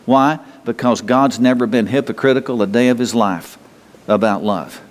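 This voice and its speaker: A man's voice: mid-range voice, normal speed. Man preaching with long hall reverb. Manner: conversational, repeats words, rhetorical questions to the congregation. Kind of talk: sermon. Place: church sanctuary.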